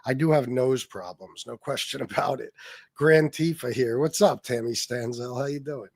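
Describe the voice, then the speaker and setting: A man's voice: medium pitch, normal speed. A man with an ordinary mid-range voice hosts a casual political livestream. He reads chat comments aloud and answers them with profane, mocking sarcasm. His voice sounds dry and close, with no room echo. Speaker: livestream host.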